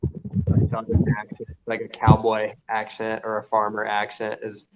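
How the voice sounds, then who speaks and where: A man's voice: fairly low pitch, completely flat delivery, a little slow. A young man chatting casually on a video call, rambling with lots of fillers and restarts. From United States. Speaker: conversation partner. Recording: muffled video call audio, faint hiss.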